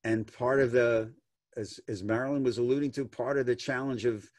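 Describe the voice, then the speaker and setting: A man's voice: mid-range voice, steady tone, moderate pace, a little mellow, dry recording. A man, a rabbi, answering questions over a video call in a folksy, storytelling way, acting out the people he quotes. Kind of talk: answering questions in an online session.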